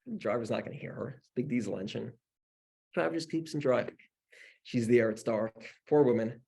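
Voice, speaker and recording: This rabbi's voice is medium-pitched, gravelly and warm with a breathy edge, and he talks briskly. He teaches by telling a story in a conversational way, restarting often and saying "you know" a lot.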